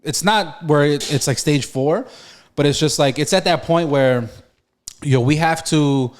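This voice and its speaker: A man's voice: a little high, a little slow. A young man co-hosting a podcast, talking casually and emotionally, with restarts and slang. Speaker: podcast co-host. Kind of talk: casual chat.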